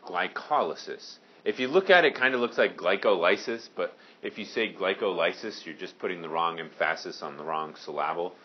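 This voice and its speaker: A man from Maine teaching a high school science class, casual and joking with his students. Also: a little fast, few pauses, lo-fi sound. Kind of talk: classroom lecture.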